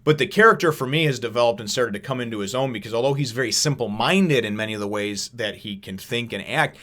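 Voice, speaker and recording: A man's voice: mid-range voice, fast, a bit bright. A man in his thirties hosting a casual review chat from home, enthusiastic and rambling, restarting his sentences and acting out quotes. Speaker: host of a comic review channel.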